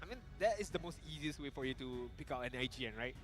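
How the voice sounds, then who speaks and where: A young man shoutcasting an esports match on a stream, explaining picks and stats earnestly. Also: mid-range voice, expressive, fast talker. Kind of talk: casual live-stream commentary. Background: game music.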